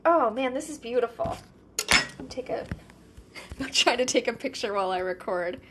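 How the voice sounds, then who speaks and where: A woman's voice: fairly high pitch, animated, normal speed, noisy background. A woman hosting a casual podcast, thinking aloud with lots of fillers as she eats, sometimes talking with her mouth full. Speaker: podcast host. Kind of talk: casual solo chat.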